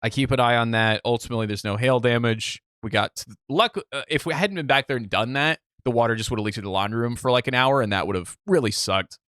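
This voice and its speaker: A young man from the Midwest tells a rambling story on a casual podcast, cursing freely and acting out every line he quotes. His voice is smooth and resonant at a middle pitch. The sound is close and dry, with no room behind it. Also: fast, few pauses, dry recording. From Midwest United States. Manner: animated storyteller, swears, acts out quotes. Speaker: podcast co-host.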